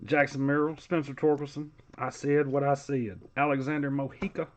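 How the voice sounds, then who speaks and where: A man's voice: mid-range voice, flat delivery, moderate pace, highs cut off. A man hosting a live sports card break, calling out player names in a casual, chatty way.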